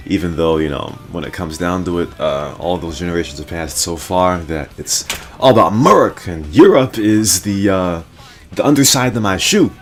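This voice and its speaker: A man's voice: deep voice, animated, moderate pace. A man hosting a casual podcast chat, rambling with many fillers and laughing often. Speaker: podcast host.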